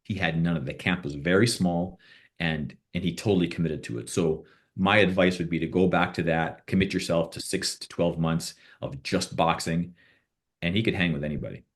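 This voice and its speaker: A man's voice: sits low, moderate pace. A man being interviewed on a podcast as a boxing manager, telling rambling stories with restarts and quoted back-and-forth dialogue.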